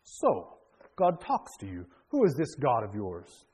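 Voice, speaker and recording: A man's voice: medium pitch, wildly swooping pitch, a little slow, a little mellow, husky, heavily acted. A man reading aloud the lines of a stern, weary Soviet army major in a sermon story, in a plain commanding manner.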